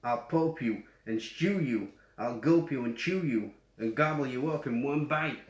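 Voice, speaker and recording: A man's voice: mid-range voice, measured pace, natural voice. A man with a West Yorkshire accent voicing a hungry, grumbling male giant who wants to eat children, in a storybook reading. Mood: greedy. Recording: roomy echo.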